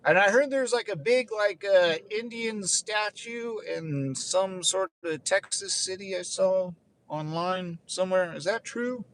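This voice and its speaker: A man's voice: high voice, measured pace, fairly bright tone, slight background noise. A young man and former Marine rambling casually while driving, swearing and laughing now and then. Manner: loose, swearing, laughing asides. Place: in a car.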